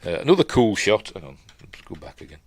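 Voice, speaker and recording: A middle-aged Yorkshire man with a lowish voice talks his way through a film in a loose, rambling commentary. He trails off, restarts and chats with his live viewers as he goes. His voice sounds close and dry, with no room sound around it. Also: sing-song, quick pace, no room sound. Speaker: host. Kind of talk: casual film breakdown commentary.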